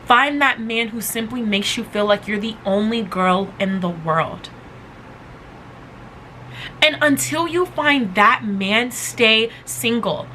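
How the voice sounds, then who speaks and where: A woman's voice: a little high, sharp tone, slight background noise, poor audio. A woman hosting a motivational podcast, talking casually and emphatically, repeating phrases to drive her point home. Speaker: podcast host.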